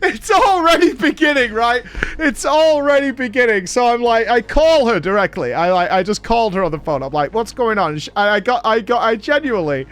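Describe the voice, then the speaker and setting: A man from Britain, hosting a show and telling a story in a casual recap, animated and swearing freely. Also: high-pitched, a little fast, smooth. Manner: animated, swears freely, acts out quoted dialogue. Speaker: show host.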